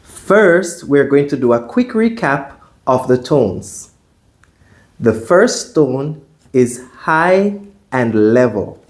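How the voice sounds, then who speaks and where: A man's voice: medium pitch, sing-song. A man teaching a Mandarin pronunciation lesson, explaining the tones step by step and modeling each sound aloud for the learner to repeat. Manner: deliberate, models tones out loud. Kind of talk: slow, careful pronunciation lesson.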